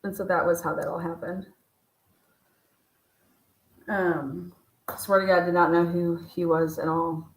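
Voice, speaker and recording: A woman's voice: lowish voice, little pitch movement, a little slow, long pauses. Young woman streamer rambling thru a story, lots of swearing, kinda echoey room. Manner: profane, chatty, laughing storyteller. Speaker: livestream host. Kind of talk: casual storytelling chat.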